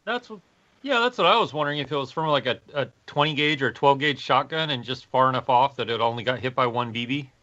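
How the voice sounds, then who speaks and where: A man's voice: medium pitch, fast talker, pushed and bright, highs cut off. A man on a casual panel chat, chiming in hesitantly and repeating words as he starts.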